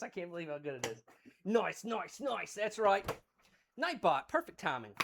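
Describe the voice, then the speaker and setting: An excited man from West Virginia with an Appalachian accent, chatting folksily on a cooking livestream. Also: high-pitched. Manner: folksy and exuberant, repeats phrases.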